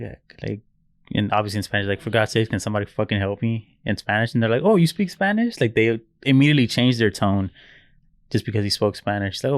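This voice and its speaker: A young man in casual podcast chat who tells stories in a relaxed, loose way with casual swearing. His voice is smooth and clear, and the recording is dry and close. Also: fairly low pitch, dry recording. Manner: relaxed storyteller, loose and profane. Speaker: podcast co-host.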